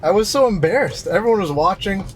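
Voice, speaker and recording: Easygoing man, slightly high voice. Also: fast, slight background noise. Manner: relaxed, self-deprecating storytelling with many fillers. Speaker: co-host of a car podcast. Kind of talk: casual chat. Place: inside a moving car.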